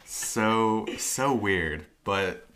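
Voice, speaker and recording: A young man with a bright, forceful voice and a slightly low pitch chats casually as a podcast co-host. He is laid-back and laughs often. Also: expressive, drawn-out words. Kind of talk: casual chat.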